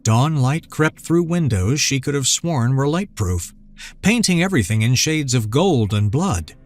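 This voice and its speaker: A man narrating a scripted fantasy story in a measured, dramatic manner. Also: medium pitch, animated. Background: soft background music.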